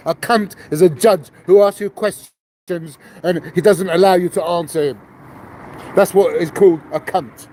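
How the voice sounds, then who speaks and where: A man with a Cockney accent from London, ranting loudly and aggressively, swearing and firing off repeated rhetorical questions into a camera. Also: high voice, fairly even intonation, unhurried, poor audio. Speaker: vlogger. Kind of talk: angry ranting monologue. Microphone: handheld camera.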